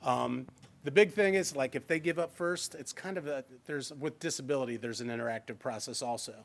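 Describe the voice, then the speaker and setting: A man's voice: medium pitch, brisk, gravelly. A man leading a fair housing training workshop in a chatty, informal, conversational way, speaking into a handheld microphone in a training room. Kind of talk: workshop lecture.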